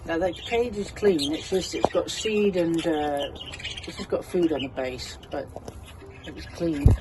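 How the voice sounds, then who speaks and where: A bird keeper in an outdoor aviary chats slowly and fondly with the budgies. The voice sits at a middle pitch and coaxes the birds in baby talk. Loud wind gusts roar over the mic while birds chirp behind. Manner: chatty, coaxing the birds in a fond baby-talk tone. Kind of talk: casual vlog chat. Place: outdoor aviary on a windy day.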